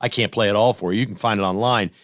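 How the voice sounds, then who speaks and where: A man's voice: lowish voice, fairly even intonation, fast, fairly bright tone, dry recording, clean studio sound. A male sports talk host giving blunt, sarcastic opinions on the news of the week.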